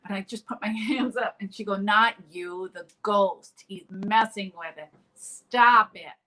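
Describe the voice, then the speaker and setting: A woman's voice: mid-range voice, steady tone, moderate pace, pushed and bright, low-quality recording. A woman comedian in a casual interview, telling stories full of fillers and restarts over a remote call. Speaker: comedian guest.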